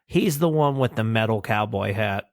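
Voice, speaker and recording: His voice sits on the low side, expressive and at normal speed, captured dry in studio quality. As a podcast co-host, he casually jokes through a review of an old cartoon, riffing and using silly voices.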